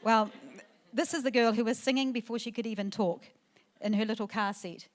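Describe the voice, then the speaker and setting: A woman's voice: a little high, steady tone. Emotional mother of the bride speaking. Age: middle-aged. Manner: emotional, tearful at times, laughing through the speech; halting, with many fillers and restarts. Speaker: mother of the bride giving a speech. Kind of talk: wedding reception speech. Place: wedding reception venue, indoors.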